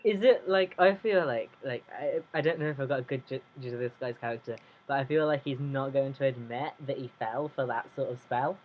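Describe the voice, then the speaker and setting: Hesitant mid-pitched player. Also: a little fast, phone-quality sound. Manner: hesitant, many fillers and restarts. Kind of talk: casual tabletop play chat.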